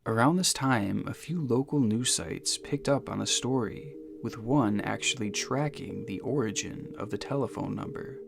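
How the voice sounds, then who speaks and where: A man giving scripted, suspenseful mystery narration, measured and slowing down for dramatic phrases. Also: medium pitch, vocal fry. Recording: narration over music.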